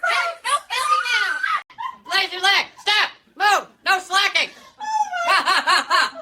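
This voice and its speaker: Bossy talking parrot voiced by a woman, very high and bouncy, heavy noise behind. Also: huge pitch swings, slow pace, exaggerated voice. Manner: teasing, mock-dramatic, bossy commands. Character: cheeky bossy talking parrot, loud and theatrical. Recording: loud background noise.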